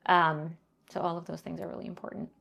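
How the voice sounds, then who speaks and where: Middle-aged woman, lowish voice, calm explainer in an interview, says "right?" a lot. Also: vocal fry. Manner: measured, explanatory, with frequent restarts and "right?" checks. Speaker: guest, banking leader and professor. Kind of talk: interview answers.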